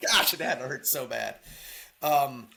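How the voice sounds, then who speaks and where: A man co-hosting a casual podcast, chatting about movies and sports with a laughing, animated manner. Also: mid-range voice, slow, creaky. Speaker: podcast co-host.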